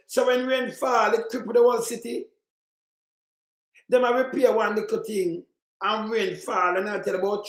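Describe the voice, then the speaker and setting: A Jamaican man giving an emphatic political commentary in patois, often breaking into shouts. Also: high-pitched, roomy sound. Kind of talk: ranting commentary over clips.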